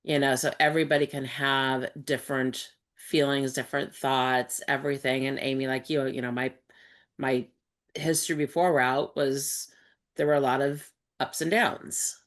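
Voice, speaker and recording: A woman's voice: rumbling low, flat delivery, normal speed. A woman hosting a support group discussion, speaking in a reflective, thoughtful way with frequent fillers. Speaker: host and support group facilitator.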